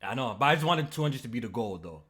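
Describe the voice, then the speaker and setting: Male podcast host, casual and animated, heavy slang. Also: medium pitch, fast. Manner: animated, swearing, storytelling. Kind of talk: casual gaming podcast chat.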